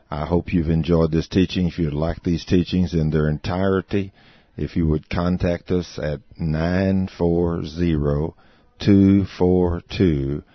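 A man's voice: low-pitched, no room sound. A man closing a ministry radio program with contact details. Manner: slow, plain announcing. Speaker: ministry host. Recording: dry, dull radio sound.

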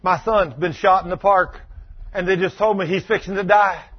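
A man's voice: high-pitched, steady tone, normal speed, husky. Desperate young mom begging for her baby, man preaching does her, lo-fi radio sound. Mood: pleading. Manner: pleading, defensive. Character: desperate young pregnant mother in hospital.

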